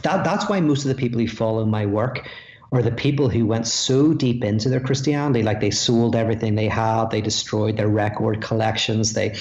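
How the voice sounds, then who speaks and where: An Irish man who is a podcast guest, explaining ideas in an animated way with quick asides. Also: on the low side. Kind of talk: podcast conversation. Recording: echoey room, dull lo-fi sound.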